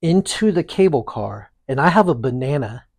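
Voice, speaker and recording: A man casually telling a long story on a podcast, animated and rambling with frequent restarts. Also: medium pitch, moderate pace, creaky, no room sound. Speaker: podcast co-host.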